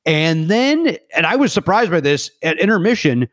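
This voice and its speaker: A man's voice: fairly high pitch, normal speed, vocal fry, no echo. A middle-aged man telling rambling stories on a remote podcast, stumbling and correcting himself, acting out quotes with gusto. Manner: rambling, self-correcting, animated quoting. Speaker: podcast guest. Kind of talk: casual storytelling chat. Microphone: remote podcast mic.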